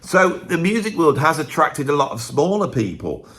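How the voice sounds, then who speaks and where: A man's voice: on the high side, sing-song, normal speed, a bit bright. A man hosting his own channel, giving a rambling, chatty opinion monologue full of tag questions. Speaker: host.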